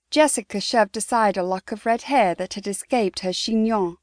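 A woman narrating a historical romance audiobook in a smooth, even storytelling manner. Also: mid-range voice, normal speed, hardly any pauses, no echo, clean studio sound. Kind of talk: scripted narration.

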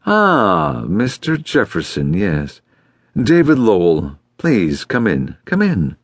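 A courteous, composed middle-aged detective speaks in a measured, polite way, as a male narrator plays him. The voice stays low and steady. The audiobook is recorded in a dry, close studio. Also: no room sound, exaggerated voice. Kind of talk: audiobook character voice.

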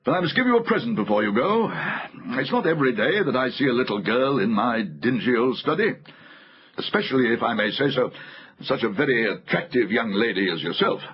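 Scheming old uncle read by a man, very husky and lively, silky and sly; muffled audiobook with faint music. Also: mid-range voice, a little fast. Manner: silky, wheedling, with chuckles. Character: sly, scheming elderly uncle, oily and secretive.

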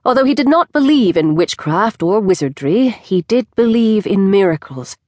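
This is scripted audiobook narration by a woman with a medium-pitched voice, delivered in a measured and expressive way. She records in a studio on a close mic, and the sound is dry and studio quality.

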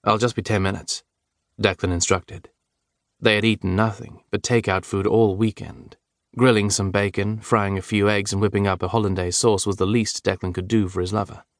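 Low-voiced man narrating an audiobook. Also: flat delivery, normal speed, no echo, studio quality. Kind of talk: scripted narration.

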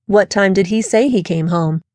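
A woman's voice: medium pitch, normal speed, a little mellow, no room sound, clean studio sound, close to an everyday voice. A woman voicing a sly, defiant wife of a suspect who talks in a mocking, teasing way.

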